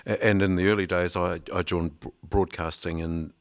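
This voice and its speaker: An older man in his sixties with a deep, low voice. He tells anecdotes in a relaxed conversational way, with self-deprecating humour. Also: moderate pace. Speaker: veteran broadcaster. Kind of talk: conversational storytelling.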